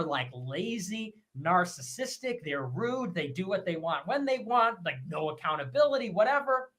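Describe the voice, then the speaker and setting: A man delivering a fast, profane, scornful rant as a livestream commentator, with mocking laughs. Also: high voice, sing-song, bright, forceful tone. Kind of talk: ranting monologue.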